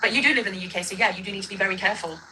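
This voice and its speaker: Woman, rambling combative rant, fast and bright, livestream playback. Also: mid-range voice, a little hiss or hum, low-quality recording. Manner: rambling, combative, self-correcting. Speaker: livestreamer in a dispute. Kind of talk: ranting reaction video.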